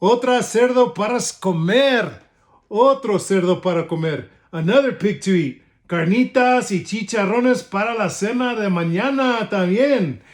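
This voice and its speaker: A man's voice: sits high, lively intonation, normal speed. A man voicing a hungry, scheming male wolf who coaxes and wheedles in a storybook reading. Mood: greedy. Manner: wheedling, coaxing.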